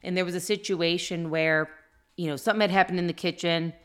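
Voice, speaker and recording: A woman's voice: lowish voice, fairly even intonation, a little fast. A middle-aged woman in casual podcast chat, telling heartfelt family stories in an earnest way. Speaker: podcast co-host.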